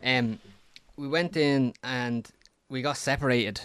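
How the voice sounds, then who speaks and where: A young man co-hosts a podcast, telling a story in a loose, rambling chat full of stop-start restarts. His mid-range voice is a bit bright and smooth, and he takes it slowly. The recording has no echo.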